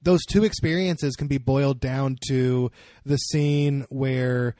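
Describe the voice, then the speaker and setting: A man's voice: medium pitch, steady tone, takes it slowly, mellow, dry recording. A young man co-hosting a casual film discussion, rambling with many fillers and restarts. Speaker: podcast co-host.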